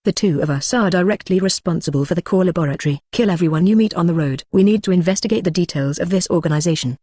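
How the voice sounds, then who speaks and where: A synthetic narrator voice reading the lines of a cold, ruthless teenage heir in an even, flat manner. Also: medium pitch, fast talker, dry recording, studio quality, lightly acted.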